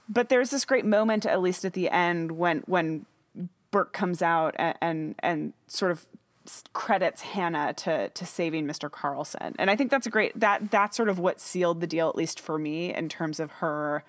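A woman's voice: fairly low pitch, no echo. A woman co-hosting a casual podcast chat about a TV show, talking in a chatty way with frequent laughs. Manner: chatty, laughs often, restarts a lot. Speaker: podcast co-host.

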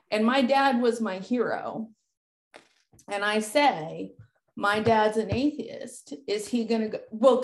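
A woman's voice: medium pitch, roomy sound. A woman hosting a conversation who tells a personal story candidly, swearing freely and using lots of filler words. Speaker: podcast host.

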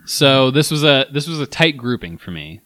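A man co-hosting a casual wine tasting chat, deliberate, with dry jokes. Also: medium pitch, sing-song, a bit bright, dry recording. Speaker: co-host of a wine tasting show.

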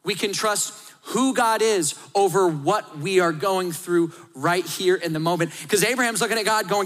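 A man's voice: high voice, moderate pace. Man preaching in a reverberant hall. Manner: dynamic, drops to hushed tones for emphasis. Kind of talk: sermon.

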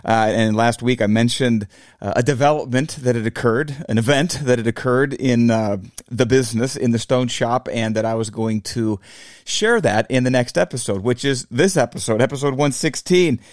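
A man's voice: medium pitch, normal speed, dry recording, studio quality. Reflective man in his forties hosting. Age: 40s. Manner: reflective, addresses listeners as fellow fabricators. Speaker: podcast host. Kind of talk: casual solo podcast monologue.

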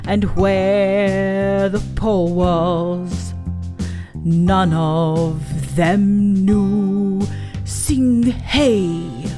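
A woman singing as a gentle, hungry, dreamy male teddy bear, slowly and sweetly over a plucked guitar. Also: mid-range voice, fairly even intonation. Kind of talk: sung children's song. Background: acoustic guitar.

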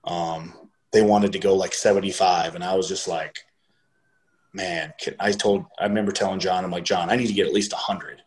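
A middle-aged man casually telling a story, swearing freely and getting animated when he quotes other people. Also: sits low, moderate pace, low-quality recording.

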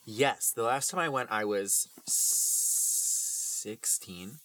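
Lively bright-voiced man, playful quips. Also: fairly low pitch, drawn-out words, dry recording. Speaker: podcast co-host. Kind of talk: casual chat.

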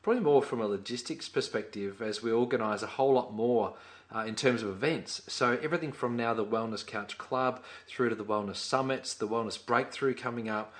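Australian male co-host, mid-range voice, animated storyteller in casual podcast chat. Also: mid-range voice, fairly quick. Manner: lively storytelling, acting out quotes.

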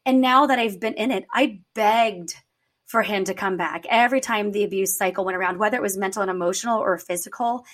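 A woman with a medium-pitched voice talks quickly, barely pausing, as she candidly shares personal stories in a podcast conversation. She's earnest and acts out quotes as she tells them.

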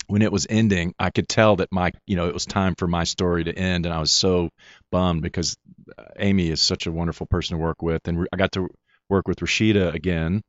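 Deep-voiced man, halting and muffled. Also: no echo. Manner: halting, many restarts and fillers. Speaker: actor guest. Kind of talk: casual interview chat.

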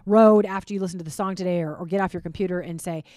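A woman's voice: fairly low pitch, steady tone, racing, darkish tone, no echo. A middle-aged woman hosting a casual radio talk show from a studio, chatty and playful, laughing often. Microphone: studio microphone.

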